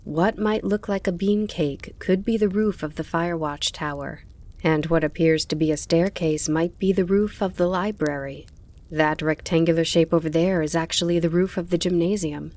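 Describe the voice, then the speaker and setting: A woman's voice: on the low side, steady tone, moderate pace, a little mellow, lightly acted. A woman voicing a caring witch mother explaining flying dangers patiently, in an audiobook. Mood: instructive.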